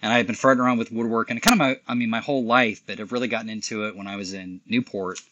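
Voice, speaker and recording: A man in his forties, a podcast guest, talking in a relaxed, rambling, self-deprecating way. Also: lowish voice, very fast, highs cut off, slight background noise. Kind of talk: casual interview chat.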